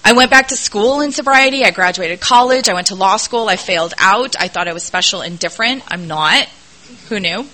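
A middle-aged woman gives a personal testimony to a meeting crowd, her voice bright and forward. She talks candidly and earnestly, poking fun at herself along the way. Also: medium pitch, fairly quick, low-quality recording. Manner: candid, self-deprecating, earnest. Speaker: speaker sharing her recovery story at a meeting.

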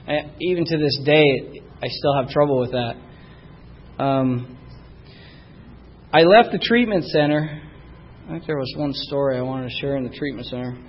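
A middle-aged man giving personal testimony at a recovery meeting, halting and repeating himself, and getting louder when he stresses a point. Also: a little high, highs cut off. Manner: halting, repeats words, rises in volume when emphatic.

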